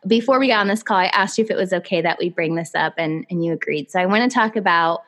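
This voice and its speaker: A woman's voice: fairly low pitch, fast, fairly bright tone. A woman hosting a podcast, chatting casually and enthusiastically with her guest. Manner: enthusiastic, gushing. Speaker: podcast host. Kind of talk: casual interview chat.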